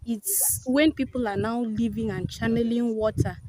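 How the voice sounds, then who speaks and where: A woman's voice: fairly high pitch, moderate pace, mellow, rough recording. A Nigerian woman giving a walking-tour vlog commentary outdoors, exclaiming in disbelief and out of breath from the hike. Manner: exclaiming, incredulous, chatty. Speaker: vlogger. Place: outdoors, hilly neighbourhood. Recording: outdoor vlog with background noise.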